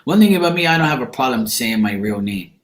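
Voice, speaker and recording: A man's voice: medium pitch, animated, quick pace, fairly bright tone. A man, the host of a tarot live stream, chatting casually and rambling while he answers viewers' comments by name. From Bermuda. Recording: echoey room.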